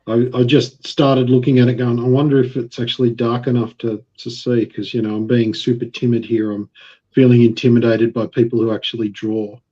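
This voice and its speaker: A man's voice: mid-range voice, level tone, fairly quick, warm tone, slightly rough. A man on a video call, hesitant and self-conscious, stumbling over his words. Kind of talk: casual live-stream chat. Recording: dull lo-fi call audio.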